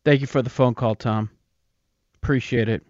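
A man's voice: medium pitch, fairly even intonation, moderate pace, a little mellow, no echo. A man hosting a sports talk radio show, taking calls and reeling off numbers emphatically. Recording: muffled radio broadcast.

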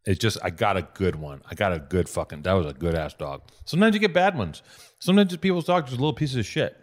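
Fast-talking, profane male podcast host. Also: lowish voice, sing-song. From Los Angeles. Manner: profane, rambling storyteller. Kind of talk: casual chat.

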